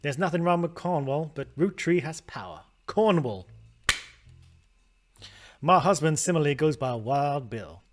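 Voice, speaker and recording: A man's voice: a little high, expressive, a little slow, pauses often, faint music behind. A man reading as a 1950s woman star. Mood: proud. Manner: reading aloud in a put-on accent. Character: glamorous 1950s woman star giving a magazine interview.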